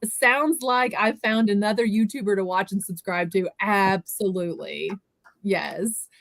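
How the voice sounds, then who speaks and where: A woman's voice: medium pitch, measured pace, creaky, no echo. A woman hosting a casual livestream chat, greeting viewers by name in a chatty way. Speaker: livestream host.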